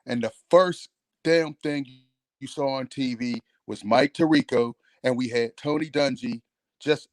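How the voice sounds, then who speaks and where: A man's voice: mid-range voice, unhurried, dry recording. A man calling in to a talk show, ranting in a heated, emphatic and profane way. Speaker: caller. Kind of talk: call-in radio rant.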